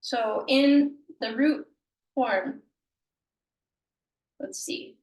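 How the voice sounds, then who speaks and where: A woman teaching a language lesson at an unhurried pace, sounding out each word slowly and patiently and correcting herself as she goes. Her voice sits a little high. The recording is roomy and echoey, with her voice set back a little from the mic. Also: distant mic. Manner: patient, slow, sounding out words, self-correcting. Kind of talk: explaining grammar in a recorded lesson. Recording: echoey room, voice a bit off mic.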